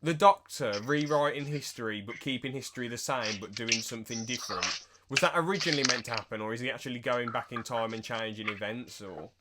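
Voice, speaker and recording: A man talks through a TV series with a friend in a relaxed, excitable way. His voice sits in a middle register. The recording carries clear background noise. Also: mid-range voice, a little fast. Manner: chatty, enthusiastic, acts out quotes in exaggerated voices. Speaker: podcast co-host reviewing a TV series. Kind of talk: casual chat.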